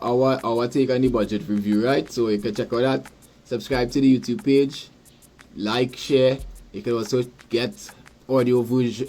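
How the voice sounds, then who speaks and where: A man with a Trinidadian accent hosting a live sports podcast, rambling casually, repeating words and giving shout-outs to listeners. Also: medium pitch. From Trinidad and Tobago. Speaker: podcast host.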